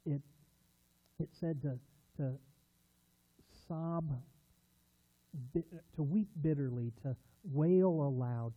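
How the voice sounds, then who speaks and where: A man preaching as a pastor, telling a story in a conversational sermon style, earnest and rising to emphatic bursts. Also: mid-range voice. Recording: tinny phone-like sound.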